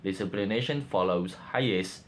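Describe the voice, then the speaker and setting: A man reading out lecture slides for a class project in a slow, careful way, sometimes halting and restarting words. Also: low-pitched, a little hiss or hum. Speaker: student presenter.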